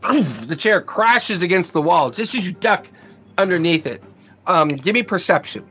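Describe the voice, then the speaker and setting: A man narrating as game master of a tabletop role-playing game, lively and laughing as he goes. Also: high-pitched, unhurried, husky.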